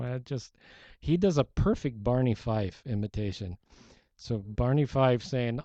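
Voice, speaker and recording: A man's voice: medium pitch, fairly even intonation, normal speed, warm tone, no room sound. A man preaching a sermon in a conversational, storytelling way, walking through a Bible passage. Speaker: pastor. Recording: dull lo-fi sound.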